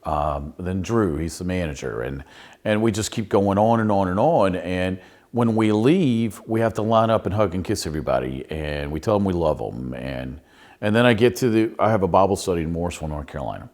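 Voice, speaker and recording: Middle-aged man, very deep voice, folksy storytelling pastor. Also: expressive, brisk, darkish tone. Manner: folksy, anecdotal storytelling with restarts. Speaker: pastor and consultant. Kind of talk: storytelling podcast monologue.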